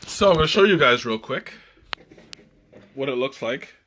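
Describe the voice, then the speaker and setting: A young man hosting a casual live stream, excitable and rambling, with many restarts and fillers. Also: mid-range voice, normal speed, noisy background. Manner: excitable, laughs often. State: has the hiccups. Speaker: tea stream host.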